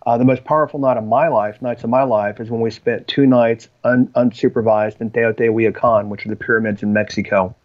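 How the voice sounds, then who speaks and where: A man's voice: mid-range voice, fairly even intonation, a little fast, few pauses. A man, a podcast guest, telling personal stories in a rambling way with frequent ums and restarts. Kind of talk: storytelling in conversation. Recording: slightly dull lo-fi audio.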